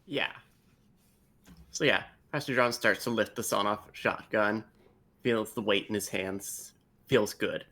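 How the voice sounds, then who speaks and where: A man playing a tabletop role-playing game, narrating his character's actions in a laid-back, halting way. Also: fairly low pitch, sharp tone. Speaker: player.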